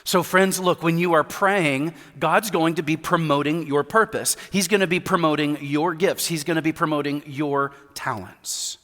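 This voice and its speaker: A man's voice: fairly high pitch, normal speed, few pauses, fairly bright tone. A male pastor preaching a sermon, emphatic, repeating key points, with light humor. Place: church sanctuary. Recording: reverberant church hall.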